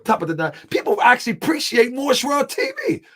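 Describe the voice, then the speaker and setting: A man hosting a livestream. He talks loudly and with animation, laughs often, and reads out and answers viewer comments. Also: extremely high pitch, sing-song, quick pace. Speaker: channel host.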